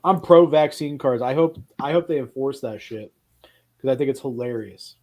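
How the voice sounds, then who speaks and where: An animated man chatting casually on a film podcast. He tells stories with energy and swears freely. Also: mid-range voice, moderate pace. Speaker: podcast co-host. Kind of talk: casual chat.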